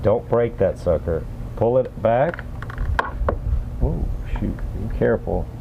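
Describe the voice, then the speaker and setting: Brief: male car-mod vlogger, low relaxed voice, chatty how-to delivery, faint hiss behind. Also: slow, gravelly, phone-quality sound. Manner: upbeat, folksy, talks straight to viewers. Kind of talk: casual how-to talk.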